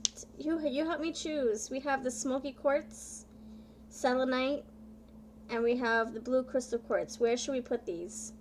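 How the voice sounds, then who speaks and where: A woman chats with her viewers while reading tarot on a live stream, excitable and playful, stretching her words out. Her voice sits high and she takes her time. A clear bed of background noise runs under her voice. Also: a little slow. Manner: bubbly, playful, excitable, often laughing and drawing words out.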